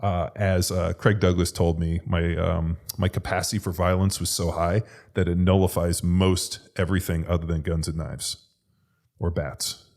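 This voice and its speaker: A man, a podcast co-host and former football lineman, telling a story in casual chat, profane and animated. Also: low voice, moderate pace.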